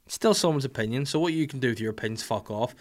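A man's voice: mid-range voice, very fast. Joking Northern Irish man ranting. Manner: animated, jokey, acts out little scenes with voices. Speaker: podcast host. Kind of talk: casual comedic rant.

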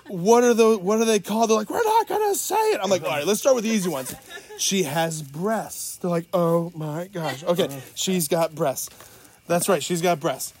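A middle-aged man, a sex education teacher, tells classroom stories and gives advice in a lively way, laughing often and acting out his students' voices. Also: high voice, vocal fry. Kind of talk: animated storytelling and advice.

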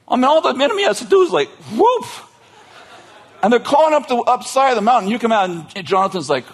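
Preacher guy telling a bible story like a buddy, husky and kind of high, laughs a lot, lots of "you know" and restarts. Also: quick pace. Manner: animated, joking, laughs often between lines; colloquial, restarts and asides. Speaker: pastor. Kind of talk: storytelling sermon.

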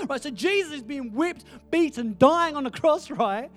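A man preaching a sermon, telling stories with lively energy, dropping to a hush for quoted words and often asking "right?". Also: extremely high pitch, moderate pace, soft background music. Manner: animated storytelling, asks the audience "right?".

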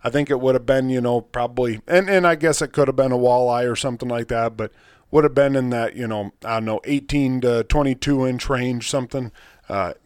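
Male podcast host, mid-pitched, rambling and excitable, dry close mic. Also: a little fast, clean tone, no echo. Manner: rambling, excitable storyteller with mild swearing. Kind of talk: casual chat.

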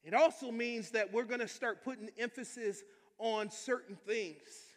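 A male pastor preaching a sermon with energetic, emphatic delivery and calls for amens to the congregation. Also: extremely high pitch, unhurried. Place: church sanctuary. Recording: long hall reverb.

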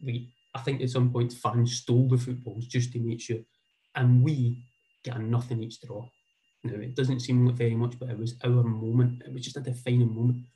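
A man's voice: mid-range voice, little pitch movement, normal speed, mellow, low-quality recording. A Scottish man in his forties telling a heartfelt personal story in a rambling, earnest way, often repeating words. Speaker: speaker sharing a personal story.

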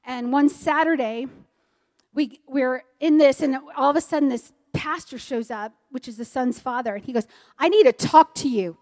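A middle-aged woman telling a church testimony in an animated way, acting out the people she quotes. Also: sits high, moderate pace. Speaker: speaker sharing a mission testimony.

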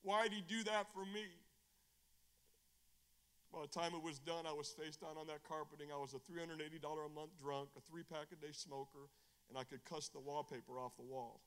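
A middle-aged man, an evangelist, preaching a testimony sermon, animated, swinging from hushed storytelling to shouting. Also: a little high, fast talker, long reverb tail. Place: church.

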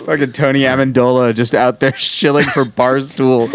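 A man's voice: mid-range voice, level tone, moderate pace. A man co-hosting a podcast, recapping a TV episode in casual chat, swearing and laughing, acting out the characters as he goes. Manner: laughing, profane, acts out characters mid-recap. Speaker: podcast co-host.

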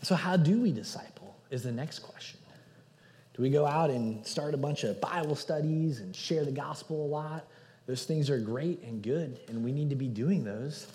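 A man preaching a sermon as pastor, earnest, moving between loud emphasis and hushed passages. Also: fairly high pitch, expressive, moderate pace. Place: church sanctuary. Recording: hall reverb.

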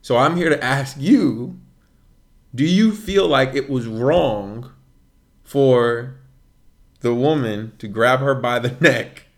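A man, co-hosting a podcast in casual chat and telling a story with lively, laughing delivery. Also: slow pace, long pauses. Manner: animated storyteller, laughs often, voice jumps high. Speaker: podcast co-host.

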